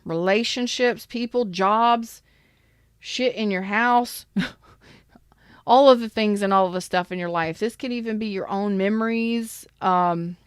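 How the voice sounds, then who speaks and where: A woman's voice: mid-range voice, slow pace, clean tone, no echo, clean studio sound. A woman giving a live tarot reading in a chatty, emphatic way and greeting viewers in the chat. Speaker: tarot reader.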